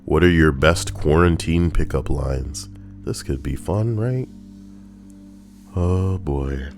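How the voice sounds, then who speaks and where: Deep-voiced young man, sarcastic and rambling. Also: takes it slowly, long pauses, a little mellow, soft background music. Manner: sarcastic, rambling, loose asides. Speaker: video host reading forum posts. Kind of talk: casual rambling commentary.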